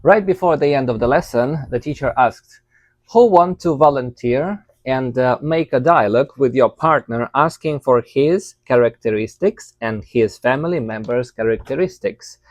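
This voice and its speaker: A man's voice: medium pitch, normal speed, dry recording, muffled recording. A man recapping his language lesson in a casual way, thinking aloud with fillers and correcting his own pronunciation as he goes. He is a learner of Tagalog, not a native speaker.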